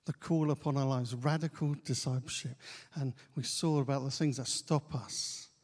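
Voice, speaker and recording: A man's voice: medium pitch, steady tone, darkish tone. Man preaching in an echoing church. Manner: unhurried, with frequent "uh" pauses and repeated key phrases. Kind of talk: sermon. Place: church hall. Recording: long church-hall reverb.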